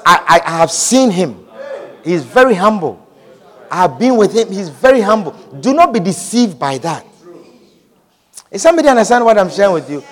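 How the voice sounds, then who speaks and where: High, lively preaching man. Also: fairly quick. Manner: repetitive emphatic preaching, swinging from soft to loud. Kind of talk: sermon.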